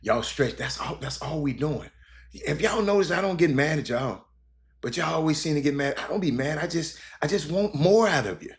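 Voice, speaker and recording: Rambling, animated man chatting. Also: on the high side, normal speed. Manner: rambling, animated, with many fillers and restarts. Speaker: sports broadcaster and show host. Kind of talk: casual live-stream chat with viewers.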